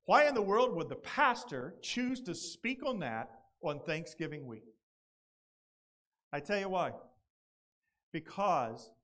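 A man's voice: fairly high pitch, a bit bright. A male pastor, preaching a sermon in an earnest, conversational way and reading scripture dramatically.

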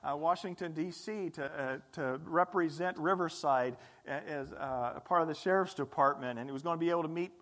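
A man preaches a sermon to his congregation, talking in a loose, conversational way. His voice sits high for a man, and he jumps into little acted-out scenes to bring the story to life. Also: brisk, few pauses, a bit bright. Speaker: pastor.

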